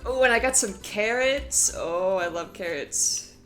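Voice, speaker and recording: A playful woman streamer chatting with her viewers, her pitch bouncing up and down as she talks at an easygoing, unhurried pace. She giggles often, and faint music plays in the background. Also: animated, a bit bright. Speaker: live streamer. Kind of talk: casual live-stream chat.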